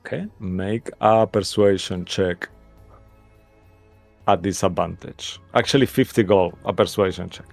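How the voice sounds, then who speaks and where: A man's voice: low voice, steady tone, unhurried, vocal fry, darkish tone, no room sound, faint music behind. A man narrating a tabletop game as game master, hesitant and full of restarts.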